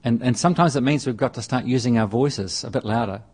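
A man's voice: medium pitch, quick pace, a little mellow, breathy edge. A man preaching a sermon in a conversational way, often restarting and repeating phrases as he reads and explains scripture. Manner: conversational, with frequent restarts and repetition.

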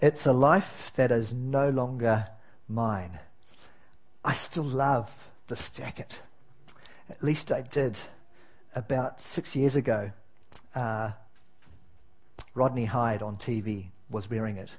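A man's voice: medium pitch, takes it slowly, pauses often. A man preaching as pastor in a church, conversational and self-deprecating, with many fillers and restarts. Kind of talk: sermon.

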